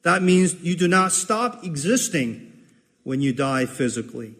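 A man's voice: fairly high pitch, sing-song, a little slow, fairly bright tone, in a large hall. A man preaching a sermon in an earnest way, repeating key phrases for emphasis. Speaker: pastor.

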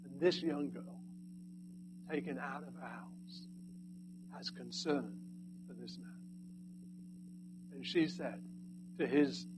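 A man preaching a sermon, swinging between loud emphatic lines and hushed, quiet asides. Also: mid-range voice, slow, pauses often, noisy background.

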